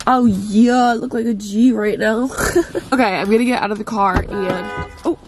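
A woman's voice: fairly high pitch, moderate pace, long pauses, background noise. A young woman with a stuffed-up nose, chatting bluntly in a casual vlog from inside her car and swearing often. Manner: blunt, swears a lot, irritated. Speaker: vlogger.

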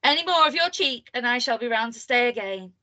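A woman voicing a bossy little woman who barks orders slowly and loudly. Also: on the high side, expressive. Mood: smug.

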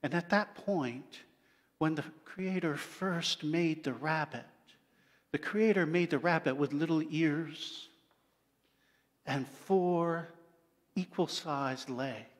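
In a church sanctuary with long hall reverb, a male pastor with a high-leaning voice speaks slowly, pausing at length. He tells an animal story in his sermon, acting out the creatures.

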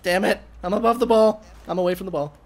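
A young man streaming a game live with friends, excitable and profane, yelping and laughing as he plays and thanks viewers. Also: sits high, fast. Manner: excitable, swears a lot, yelps and laughs. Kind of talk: casual gaming livestream chat.

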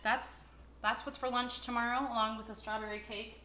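A woman's voice: a little high, level tone, fairly quick, very noisy. A woman hosting a casual cooking video, chatting and telling rambling stories while she works in a kitchen. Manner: chatty, rambling storyteller with fillers. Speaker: cooking show host. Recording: echoey kitchen with clattering dishes.

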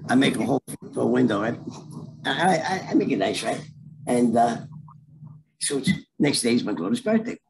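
A man's voice: mid-range voice, moderate pace, gravelly, long pauses, background noise. A middle-aged man telling a story in a casual, streetwise way and acting out the voices in it. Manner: animated, streetwise, acts out voices in his stories. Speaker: storyteller guest.

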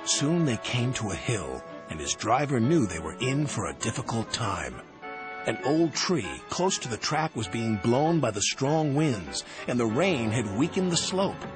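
A man narrating a storybook with expressive delivery. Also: mid-range voice, a little slow. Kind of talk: storybook reading. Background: music.

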